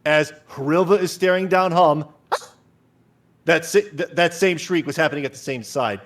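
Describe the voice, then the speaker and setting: A man's voice: a little high, moderate pace, a bit bright. A man narrating as game master of a tabletop game, chatty, with laughing asides.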